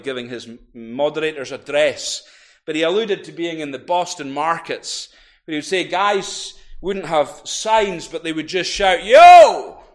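A man preaching a sermon, telling a story vividly and building to loud, emphatic peaks. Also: on the high side.

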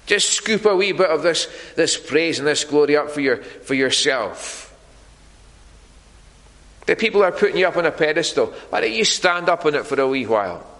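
A man's voice: fairly high pitch, big pitch swings, normal speed, fairly bright tone, in a large hall, voice pushed up. A preacher putting on a coaxing male devil. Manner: coaxing, wheedling. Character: the devil, male tempter whispering flattery.

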